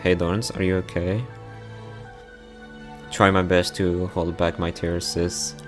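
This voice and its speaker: A man with a deep, low voice reads a visual novel story aloud, taking every part himself. He speaks slowly and gently, with a soft, heartfelt delivery. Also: little pitch movement, soft background music.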